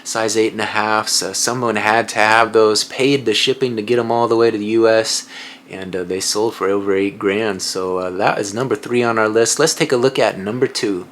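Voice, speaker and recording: A male host giving casual, relaxed commentary while walking through online listings, with frequent fillers. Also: lowish voice, normal speed, a little hiss or hum. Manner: relaxed, filler-heavy, chatty. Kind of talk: casual screen-share commentary.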